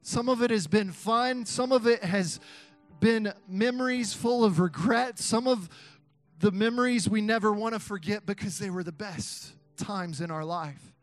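A young man preaching an energetic sermon to a youth crowd, chanting call-and-response lines and laughing between points. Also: high-pitched, unhurried, no room sound, faint music behind. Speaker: youth pastor.

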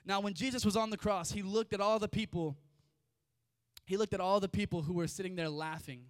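A man's voice: high-pitched, steady tone, a little fast, dry recording, studio quality. A young man preaching a casual sermon, reading scripture with chatty, informal asides. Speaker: youth preacher.

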